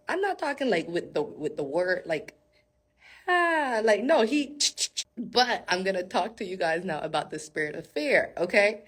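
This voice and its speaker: Animated, husky woman telling Bible stories. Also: a little high, normal speed. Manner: animated, laughs often, talks straight to viewers. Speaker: faith speaker. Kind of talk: casual Bible storytelling sermon.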